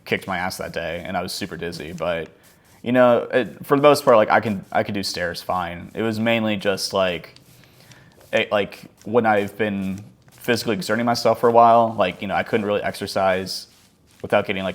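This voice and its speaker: A man's voice: low-pitched, fairly even intonation, a little fast. A man telling a casual story over gameplay, rambling along with many fillers like "like" and "um". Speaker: gaming channel host.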